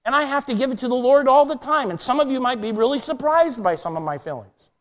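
Man, pastor, sermon, high-pitched voice, passionate, loud then hushed. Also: animated, fast. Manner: passionate, swings from loud emphatic to quiet and low.

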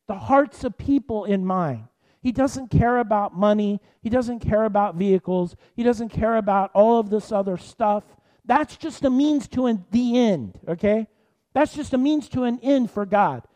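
A man preaching with a high, mellow voice. He tells his story with animated energy and prays in a hushed, earnest way. His delivery is that of a minister speaking to a congregation. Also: measured pace. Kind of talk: sermon story and prayer.

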